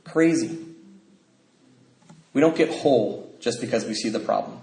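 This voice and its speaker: A man's voice: medium pitch, measured pace, creaky, a little mellow. A middle-aged American man telling his recovery story to a meeting, acting out voices and laughing often. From United States. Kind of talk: personal testimony talk. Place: convention hall. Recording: roomy hall sound, faint noise.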